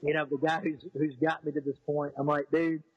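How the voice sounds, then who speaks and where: A middle-aged man telling a personal story in an animated way, often repeating words and acting out what people said. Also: fairly high pitch, brisk, slightly rough, dry recording, muffled recording.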